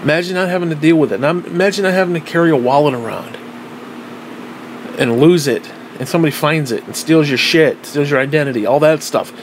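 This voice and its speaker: A man's voice: a little high, brisk, slight background noise. A man giving a blunt, profane monologue, repeating himself insistently and recording himself on a tablet. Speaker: vlogger. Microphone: tablet microphone.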